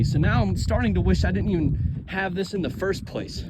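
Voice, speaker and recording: A young man with a slightly higher voice talks through his own story as he hikes beside water, letting out frustration and swearing freely. Loud wind and rushing water fill the recording behind him. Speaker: vlogger. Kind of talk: personal story vlog while hiking. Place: outdoors by water, walking a trail.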